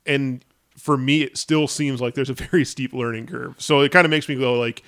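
A man talking casually about games in an easygoing, rambling way. He starts sentences over and fills the gaps with filler words. His pitch sits in the middle range and he livens up as he goes. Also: moderate pace. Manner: rambling, lots of filler words and restarts, animated.

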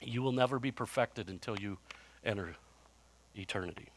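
A man's voice: fairly low pitch, normal speed, a little hiss or hum. A man in his fifties preaching a sermon in a conversational storytelling way, with self-mocking humor and frequent restarts. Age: 50s. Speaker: pastor.

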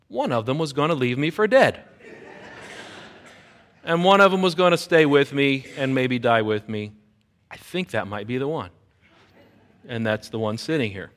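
Preaching with lively energy, a middle-aged pastor shares a personal story and performs the voices of its characters. His voice is a little high.

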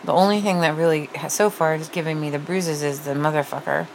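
A woman's voice: low voice, fairly even intonation, quick pace, vocal fry, a little hiss or hum, rough recording. A woman in casual, frank conversation, chatting openly, laughing often and trailing off mid-sentence. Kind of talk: casual candid chat.

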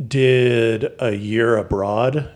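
A man's voice: mid-range voice, steady tone, drawn-out words, a little mellow, a little hiss or hum. A man co-hosting a podcast in casual chat, talkative and full of fillers. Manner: chatty, with many fillers. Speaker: podcast co-host.

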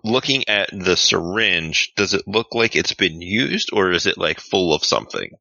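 A man plays his character in a tabletop game, casual and profane, often stumbling over his words. His voice is very deep yet sharply bright, and the recording is dry and slightly muffled. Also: lively intonation, normal speed, creaky, no echo. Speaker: player. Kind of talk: tabletop role-play.

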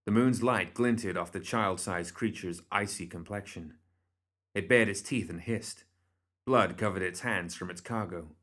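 A man reading a story aloud as audiobook narrator, in a steady, measured way. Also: sits low.

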